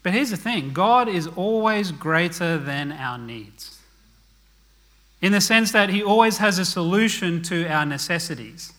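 This man's voice sits high and sounds expressive, a bit bright, and a little slow. He preaches a sermon in an earnest, conversational style, letting his voice sink to a murmur as each phrase ends and often tossing in "okay?" as an aside.

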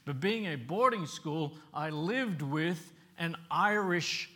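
A man's voice: a little high, lively intonation, takes it slowly, bright, forceful tone. A middle-aged man who grew up in Papua New Guinea, preaching a storytelling sermon in a conversational way and putting questions to the congregation.

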